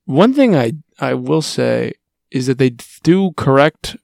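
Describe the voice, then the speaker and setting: A man's voice: medium pitch, sing-song, a little slow, creaky, a little mellow, no room sound. A man co-hosting a podcast in casual chat, laid-back, throwing in dry wisecracks. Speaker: podcast co-host.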